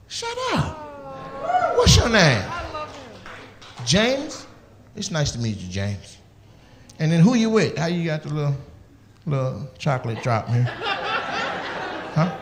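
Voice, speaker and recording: A male comedian doing profane, teasing crowd work with audience members. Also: high voice. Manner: teasing, profane, quick banter. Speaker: stand-up comedian.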